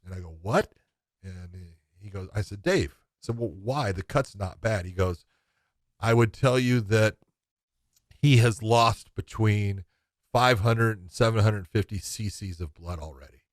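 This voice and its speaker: A man with a fairly low voice tells a story on his podcast, acting out the lines of the people in it. The sound is close and dry. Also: unhurried, no room sound. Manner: lively storyteller who acts out quoted dialogue. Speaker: podcast co-host. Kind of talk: casual chat, telling stories.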